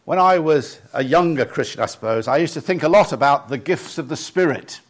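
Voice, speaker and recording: Older male preacher, halting and reflective. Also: fairly high pitch, lively intonation. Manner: reflective, halting with many restarts; leads the congregation through lists in a soft slow voice. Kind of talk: sermon.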